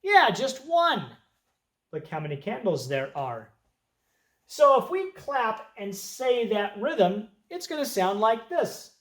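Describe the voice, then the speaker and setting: An elementary music teacher teaching young children, speaking slowly and patiently and counting beats aloud. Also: mid-range voice, big pitch swings, fairly bright tone, roomy sound.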